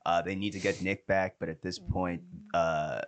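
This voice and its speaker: Deep-voiced male podcast co-host. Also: steady tone, normal speed, slight background noise. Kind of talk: casual TV review chat.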